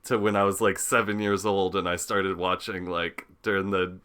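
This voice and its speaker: A man's voice: deep voice, flat delivery, moderate pace, fairly bright tone, clear, resonant tone. A man co-hosting a casual podcast, easygoing and laughing often between remarks. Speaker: podcast co-host. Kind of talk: casual chat.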